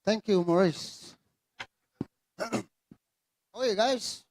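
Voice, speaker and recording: A man with a high, slightly mellow voice speaks very slowly as he emcees an outdoor pow wow. Announcing live over a PA to dancers and the crowd, he keeps things easygoing and joking.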